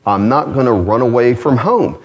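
A man preaching a sermon as pastor, conversational, with self-deprecating asides and lively swings in pitch. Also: normal speed, husky.

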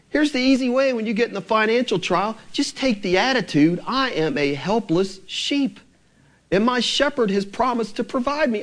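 A man delivers an earnest church sermon in a fairly high, very animated voice. His pitch swings up and down for emphasis, and he slows down deliberately whenever he quotes scripture. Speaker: preacher.

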